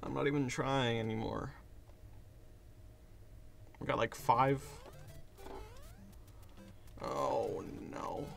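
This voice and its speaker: A hoarse young man giving casual commentary while playing a game, getting frustrated and yelling at it. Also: mid-range voice, steady tone, extremely slow, long pauses, soft background music. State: hoarse, voice worn out. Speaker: gaming video creator.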